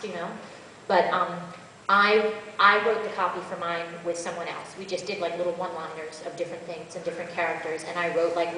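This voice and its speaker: A woman, a voice actress on a convention panel, answering questions in an animated, chatty and rambling way, recorded by a far camera. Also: fairly low pitch, a little hiss or hum. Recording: echoey hall from far off.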